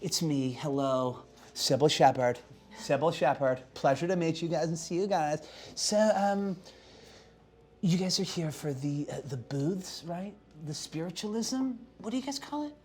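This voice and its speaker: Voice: medium pitch, measured pace, a little mellow, lightly acted. A game master voicing a flustered young woman manager. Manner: rambling, apologetic, casual slang.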